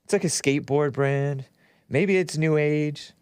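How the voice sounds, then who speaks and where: A man hosting a live-streamed call-in talk show, animated and jokey, chuckling as he reads chats. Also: mid-range voice, measured pace, clean tone, no echo, studio quality. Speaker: show host.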